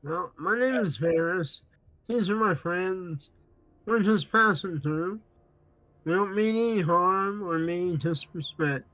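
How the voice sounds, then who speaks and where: A man's voice: sits high, slow, bright, forceful tone, dry recording, poor audio. A man playing a tabletop game, speaking in character in a hesitant way with fillers. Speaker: player. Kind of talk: casual tabletop play.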